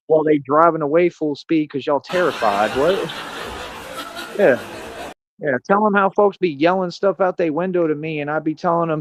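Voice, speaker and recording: Guy hyped up on a stream, bragging and calling folks out, kinda high voice, dry muffled mic. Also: a little fast, no echo. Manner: boastful, confrontational street slang. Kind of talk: casual ranting monologue. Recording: dull lo-fi stream audio.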